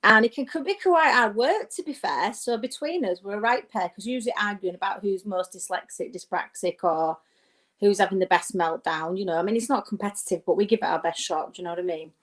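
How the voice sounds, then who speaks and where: A woman's voice: mid-range voice, fairly quick, a bit bright. A middle-aged woman performing a rambling, self-mocking stand-up set from home into a laptop mic. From United Kingdom. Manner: chatty, rambling, self-mocking with frequent asides. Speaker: stand-up comedian. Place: home during lockdown. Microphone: webcam or laptop mic.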